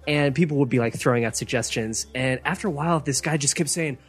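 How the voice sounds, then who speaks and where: A man's voice: mid-range voice, quick pace, slightly rough, soft background music. A young man ranting in casual chat as a podcast co-host, slipping into mocking voices.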